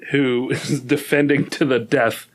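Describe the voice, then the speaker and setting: A man's voice: medium pitch, little pitch movement, measured pace. A man co-hosting a podcast in casual chat, giggling often and hedging with fillers. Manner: giggly, hesitant, lots of fillers and restarts. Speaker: podcast co-host.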